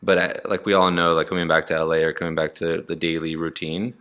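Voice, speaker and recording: A man's voice: deep voice, little pitch movement, fast, a bit bright, clear, resonant tone. A man hosting a casual interview, asking long, hesitant questions full of fillers. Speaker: podcast host.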